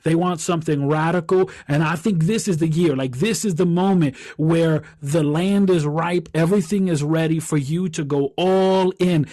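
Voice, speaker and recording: Earnest man, slightly high voice. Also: steady tone, moderate pace, few pauses, mellow, dry recording, studio quality. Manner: earnest, heartfelt, repeats words as he thinks. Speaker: podcast host and coach. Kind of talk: reflective solo podcast talk.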